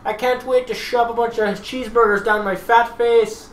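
A man voicing a brash, shouty caricature of an American in an echoey room with noise behind. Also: extremely high pitch, fairly even intonation, normal speed, voice pushed up. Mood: mocking. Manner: shouty, exaggerated.

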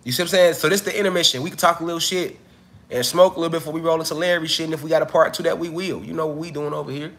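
A man's voice: on the high side, steady tone, rapid-fire, a bit bright. Coughing man chatting loosely on a livestream. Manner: loose, profane, chatty, addresses viewers directly. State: coughing, recovering from illness. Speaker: livestream host. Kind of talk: casual livestream talk.

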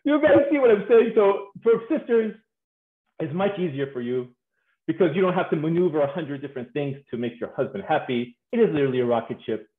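Playful male speaker, high voice, comic delivery; tinny, phone-like, echoey recording. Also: a little fast. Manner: animated, playful, acts out voices and laughs often. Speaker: speaker on marriage. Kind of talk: humorous conference talk.

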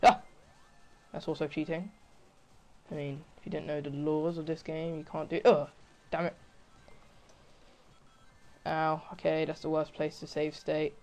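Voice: medium pitch, flat delivery, unhurried, long pauses, a little mellow, soft background music. A let's-play gamer giving casual commentary to themselves while playing, often groaning and crying out in frustration. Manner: talks to self, frequent exclamations and groans.

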